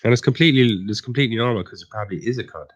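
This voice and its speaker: A man's voice: medium pitch, rapid-fire. A man with an Irish accent hosting a casual livestream chat, swearing and teasing in banter. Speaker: livestream host.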